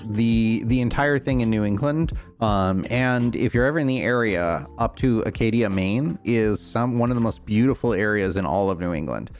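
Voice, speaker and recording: A young man chatting casually on his livestream while playing, rambling and answering chat with lots of fillers. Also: fairly low pitch. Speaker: streamer.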